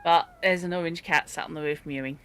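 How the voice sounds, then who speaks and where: Let's-play host, chatty and rambling, with a bright, forward voice and faint noise. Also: medium pitch, steady tone, quick pace. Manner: chatty, reads from a dictionary, rambles, exclaims at a cat. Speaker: game streamer.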